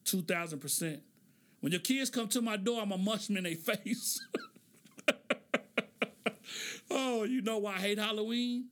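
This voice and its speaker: A man giving casual commentary, preachy and animated, stretching words for emphasis and laughing often. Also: high voice, measured pace, long pauses, slight background noise.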